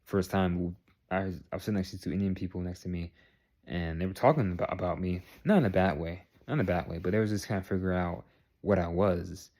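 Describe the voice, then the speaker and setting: A man's voice: sits low, fast talker, darkish tone. A man vlogging in a casual, rambling way, repeating phrases and checking in with the viewer. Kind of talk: casual talk to camera.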